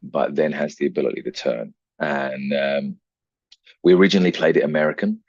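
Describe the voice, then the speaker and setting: British man, very low husky voice, reflective interview talk, dry dull-sounding recording. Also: fairly even intonation, fairly quick, dry recording. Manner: reflective, explains at length. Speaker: actor guest. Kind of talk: casual interview chat.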